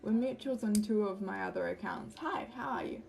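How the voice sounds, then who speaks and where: A woman's voice: mid-range voice, normal speed, vocal fry, darkish tone, soft background music. A young woman, livestreaming as she crafts a cosplay mask, chatting anxiously and rambling to her viewers. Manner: anxious, rambling, talks to chat while drawing. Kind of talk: casual livestream chat while crafting.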